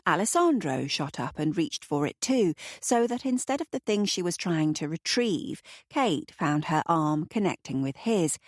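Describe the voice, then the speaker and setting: A woman narrating an audiobook in a steady, even storytelling manner, close to the mic. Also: deep voice, no echo. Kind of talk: scripted narration.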